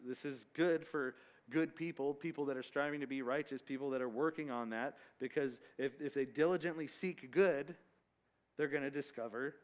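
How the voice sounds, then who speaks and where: A man leading a Bible study, teaching in a loose, conversational way with asides and restarts. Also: mid-range voice. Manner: casual, rambling with restarts and asides.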